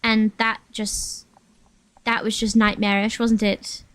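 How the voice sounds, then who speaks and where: A woman's voice: fairly high pitch, flat delivery, slow, a bit bright, smooth, dry recording. A woman streaming herself at work, chatting casually and rambling through asides. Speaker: VTuber streamer.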